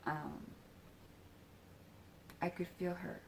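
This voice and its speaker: Slow, halting woman telling a story. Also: lowish voice, lively intonation, vocal fry, a little mellow, a little hiss or hum, low-quality recording. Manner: halting, full of fillers, swears casually; acts out quoted lines, dropping to a whisper. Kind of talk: casual personal storytelling.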